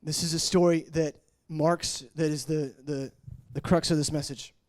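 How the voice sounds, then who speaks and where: A man in his late twenties preaching an emotional personal testimony, shifting between hushed murmurs and raised, intense passages. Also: fairly even intonation, normal speed. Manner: earnest, swinging from hushed murmurs to raised, high-pitched intensity.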